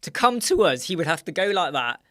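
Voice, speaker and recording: A man's voice: on the high side, sing-song, brisk, bright, forceful tone, no room sound. Casting note: male host, chatty and jokey, very dry close sound. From United Kingdom. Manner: chatty, jokey, reads viewer comments aloud and laughs often. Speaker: host of a live chat. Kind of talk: casual live-stream chat. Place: dark room with soundproof panels.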